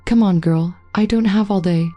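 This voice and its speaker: A woman voicing a brisk, bossy female shop clerk in a read-aloud story, matter-of-fact and ordering people about. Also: medium pitch, dark tone, soft background music, natural voice.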